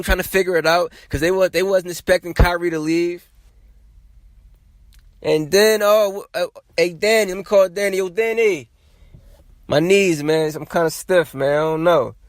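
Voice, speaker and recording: A man hosting a sports podcast, talking in a casual, animated and emphatic way, often repeating himself. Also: sits high, no room sound. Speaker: podcast host.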